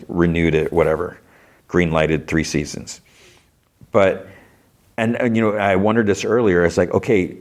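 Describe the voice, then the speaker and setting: A man's voice: sits low, darkish tone. A man hosting a podcast, casually recapping TV episodes in a rambling way, with many fillers and restarts. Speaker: podcast host.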